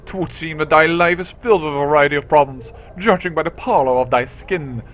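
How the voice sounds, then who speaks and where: A man's voice: a little high, fairly quick, fairly bright tone, a little hiss or hum, lightly acted. A man voicing a bored, dramatic young noblewoman from a role-playing game, using an old-fashioned put-on British English accent and archaic speech. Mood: theatrical. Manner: archaic theatrical speech, languid and drawn out.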